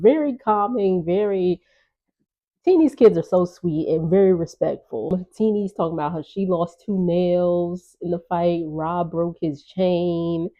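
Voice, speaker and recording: Chatty woman recapper, low mellow voice, slightly dull lo-fi sound. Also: a little slow. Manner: chatty, gossipy, laughing asides. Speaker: reality TV recap vlogger. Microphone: on-camera.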